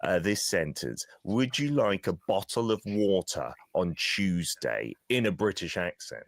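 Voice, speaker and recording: A low-voiced man hosting a radio chat segment, playful and teasing. His pitch swings widely as he talks. The sound is close and dry, with no room around it. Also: very animated, measured pace, vocal fry, dry recording. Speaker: radio host.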